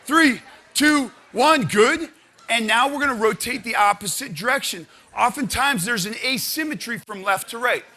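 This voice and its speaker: A man leading a live audience through stretching and partner exercises, coaching energetically and counting out loud. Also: extremely high pitch, fairly quick, few pauses. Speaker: exercise instructor. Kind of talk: live workshop exercise instruction. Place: conference room with audience.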